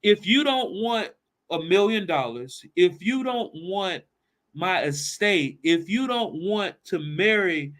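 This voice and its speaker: Male presenter doing a squeaky, worked-up rich old father in a told joke. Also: animated, slow pace, fairly bright tone, exaggerated voice. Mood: stern. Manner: exclaiming, high-pitched and breathless.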